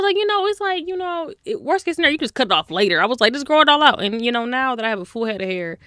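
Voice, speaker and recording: Young woman streamer in her twenties, casual slangy storytelling, lively jumps in pitch, bright voice, dry close sound. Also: dry recording. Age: 20s.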